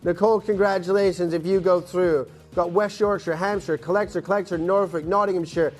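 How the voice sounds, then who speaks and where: A man fronts a live shopping broadcast in a studio. His voice sits high for a man, and he sells hard with emphatic praise. Light music runs behind him. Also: steady tone, fairly quick. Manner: emphatic, hard-selling, teasing. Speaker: shopping channel presenter.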